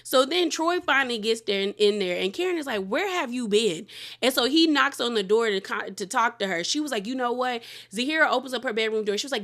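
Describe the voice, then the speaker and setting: A woman's voice: fairly high pitch, animated, brisk, fairly bright tone. Chatty, blunt woman recapping TV gossip. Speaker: reality TV recap host. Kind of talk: casual recap commentary.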